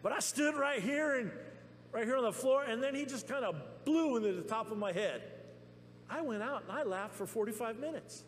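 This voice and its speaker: A man preaching a testimony sermon in a church, telling his story excitedly with many restarts. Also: very high-pitched, moderate pace. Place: church sanctuary. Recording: long reverb in a church with faint hum.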